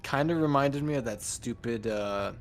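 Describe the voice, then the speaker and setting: A man's voice: medium pitch, normal speed. A man co-hosting a casual TV review chat, laid-back and swearing freely, with music faintly behind. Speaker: podcast co-host.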